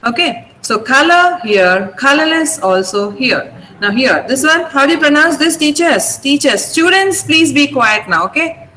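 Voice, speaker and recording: Woman, Indian English accent, fairly high voice, patient pronunciation drills, video call mic. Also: lively intonation, bright, forceful tone, poor audio. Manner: patient, repeats words slowly for drilling. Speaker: English teacher. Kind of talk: online pronunciation lesson. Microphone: computer mic on a video call.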